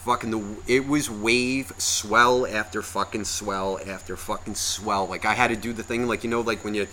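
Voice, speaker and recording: A man's voice: fairly low pitch, steady tone, moderate pace, pushed and bright, slight background noise. A man co-hosting a podcast, telling a long story in a profane, exasperated, ranting way. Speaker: podcast co-host.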